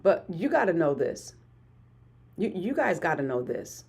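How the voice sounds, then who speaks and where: A woman in her forties hosting a hyped motivational live stream, energetic and repeating phrases for emphasis. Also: fairly low pitch, unhurried, husky. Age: 40s. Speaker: motivational livestream host.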